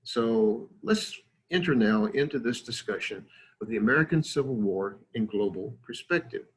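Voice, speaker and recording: A man's voice: medium pitch, expressive, normal speed, breathy edge. A man giving a conversational lecture with slides, digressive, with many fillers and self-deprecating asides.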